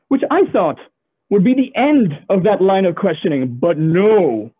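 A young man from the Gulf region performs a stand-up comedy set. His voice sits high and moves around a lot as he tells stories with playful asides. It comes through a tinny, phone-like video call connection. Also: normal speed. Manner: animated storyteller, playful asides. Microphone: video call audio.

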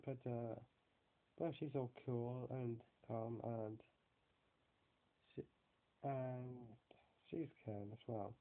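A man's voice: medium pitch, fairly even intonation, extremely slow, pauses often. Rambling man on a tinny line. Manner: rambling and hesitant, many fillers and restarts. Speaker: YouTuber reviewing film characters. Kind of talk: casual spoken review. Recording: tinny phone-like sound.

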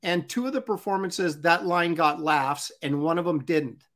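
A man's voice: on the high side, moderate pace, a bit bright. A man hosting a casual live talk show, teasing his guest and reading out viewer comments. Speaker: host reading chat comments.

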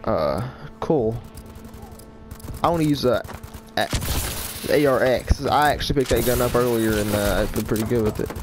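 A man's voice: mid-range voice, moderate pace, long pauses. Man ranting through gameplay, whiny and rambling, game music under him. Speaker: gaming YouTuber. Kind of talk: live gameplay commentary.

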